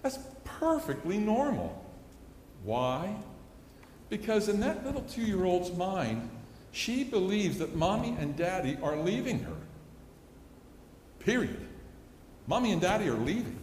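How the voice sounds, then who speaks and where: A man's voice: high voice, big pitch swings, unhurried, pauses often, a little mellow, slight background noise. A middle-aged man preaching a sermon, telling stories earnestly and acting out a child's pleading. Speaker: pastor. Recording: echoey hall with long reverb.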